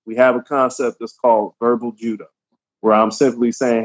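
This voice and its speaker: Calm cop guy on a podcast, even measured talk, muffled lo-fi audio. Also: mid-range voice. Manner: calm, measured, explains at length. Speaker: police officer. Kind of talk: casual podcast conversation.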